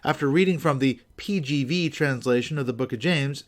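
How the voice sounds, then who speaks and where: A man's voice: mid-range voice, a little fast. A man hosting a podcast, reading scripted commentary with wry, skeptical asides. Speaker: podcast host.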